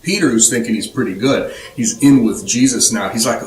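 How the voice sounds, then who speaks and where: A man's voice: medium pitch, moderate pace, hardly any pauses. A man giving a conversational Bible study lesson, listing points and retelling scenes with animation. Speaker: Bible teacher. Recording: roomy, distant mic, faint ambience.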